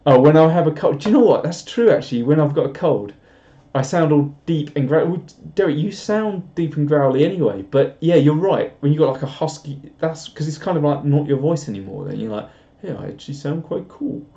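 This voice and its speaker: A man's voice: a little high, animated, a little fast, warm tone. A man chatting casually on a live stream, rambling and self-deprecating as he reads out viewer comments. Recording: dull lo-fi stream audio.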